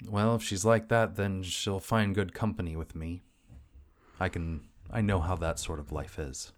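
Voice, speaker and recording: A man playing a blunt, hard-edged woman adventurer, speaking in his own deep voice. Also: steady tone, unhurried. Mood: dry.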